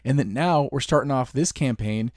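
A man's voice: mid-range voice, normal speed, a little mellow, no echo, studio quality. A man co-hosting a tabletop gaming podcast, telling stories casually with frequent laughs. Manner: laughing, storytelling. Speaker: podcast co-host. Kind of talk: casual chat.

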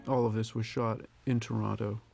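A man, a film director, giving a reflective audio commentary, thinking aloud with pauses and restarts. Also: on the low side, level tone, creaky, over music.

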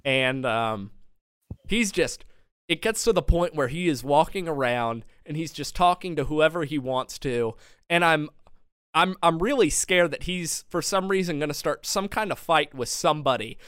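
A young man co-hosting a casual podcast, telling a rambling story with lots of laughs. His voice sits a little high and sounds smooth and clean. The close mic gives a dry, tight sound. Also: normal speed, no echo. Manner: animated storyteller, often laughing. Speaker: podcast co-host. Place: home studio.

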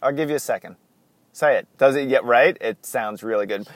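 A man's voice: mid-range voice, a little fast, no room sound. A man hosting a casual solo podcast, rambling, wandering off on tangents and chuckling often. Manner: chuckles often, many fillers. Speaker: podcast host.

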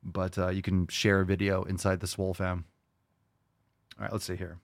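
Brief: male fitness coach hosting a podcast, casual, crude jokes, coaching tone, lower voice. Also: monotone, normal speed, gravelly, no room sound, clean studio sound. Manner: coaching, blunt, profane and joking. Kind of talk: casual podcast chat, answering listener questions.

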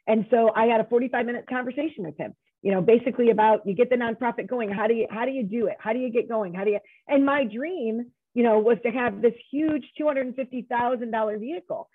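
Talking fast in a voice on the high side, a middle-aged nonprofit founder emphatically shares her story as an interview guest, frequently restarting. The tinny, dry phone line carries no room sound.

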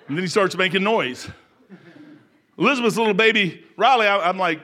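An older pastor preaches in a church, folksy and chuckling at his own stories. His voice sits high and carries a bright, forceful edge, rising to shouts and sinking to near whispers. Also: a little fast. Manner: folksy, laughing, swings from shouting to hushed. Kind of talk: sermon. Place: church sanctuary.

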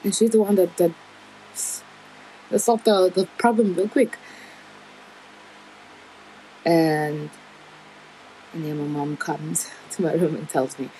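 A young woman speaking candidly and a bit rambling as she retells a painful personal stretch. Her voice sits slightly low and mellow, with a faint hum of noise behind her. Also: a little slow, long pauses, poor audio. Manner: candid, rambling, emotional retelling with nervous laughs. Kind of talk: personal storytelling.

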